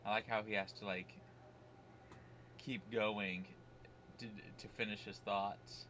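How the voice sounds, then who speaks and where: Bright-voiced man joking on a stream. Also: on the low side, steady tone, takes it slowly, a little hiss or hum. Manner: laughing, joking asides, rambling with restarts. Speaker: podcast co-host. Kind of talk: casual let's-play chat.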